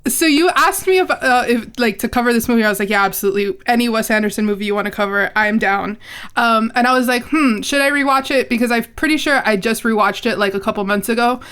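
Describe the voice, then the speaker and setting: A woman guesting on a casual movie podcast, enthusiastic and quick to laugh. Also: on the high side, fairly bright tone, smooth. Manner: enthusiastic, giggly.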